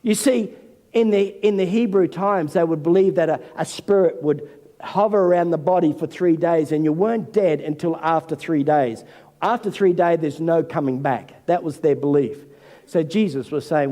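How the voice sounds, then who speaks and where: A man, senior pastor, preaching a sermon in an animated way and acting out the voices of figures from scripture. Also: fairly high pitch, moderate pace. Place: church hall. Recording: long hall reverb.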